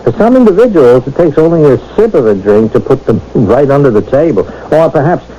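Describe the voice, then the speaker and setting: A man's voice: medium pitch, sing-song, brisk, dark tone, natural voice. A man playing a brusque, dismissive police lieutenant. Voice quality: brusque, condescending. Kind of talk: 1970s radio drama acting. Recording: dull old radio broadcast with faint hiss.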